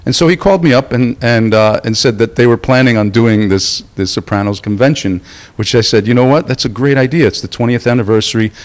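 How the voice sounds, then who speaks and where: Guest interviewee, male, lowish voice, halting and casual, lots of "uh". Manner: halting, many fillers and restarts. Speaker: convention co-founder, interview guest. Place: club venue at an event.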